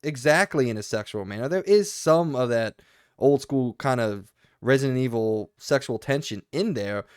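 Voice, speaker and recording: A man co-hosting a video game podcast, talking in long animated runs in a casual review discussion. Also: mid-range voice, moderate pace, clear, resonant tone, no echo, studio quality.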